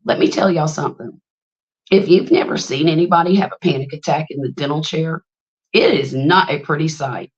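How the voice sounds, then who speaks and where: A woman's voice: low-pitched, brisk, dull audio. A woman, hosting a casual livestream, telling stories, greeting viewers by name and laughing often. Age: 50s. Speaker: livestream host.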